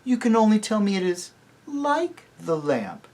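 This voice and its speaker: Scheming storybook witch queen, cooing half-whisper, very slow , read by a man. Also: sits high, big pitch swings, darkish tone, pitched above the performer's own voice, exaggerated voice. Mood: mocking.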